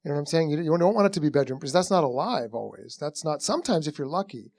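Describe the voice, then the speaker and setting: A man's voice: fairly high pitch, rapid-fire, no room sound, studio quality. A man, a film director, telling rambling anecdotes in an onstage conversation and acting out what people said. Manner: rambling, animated storytelling with acted-out quotes; frequent restarts and "you know".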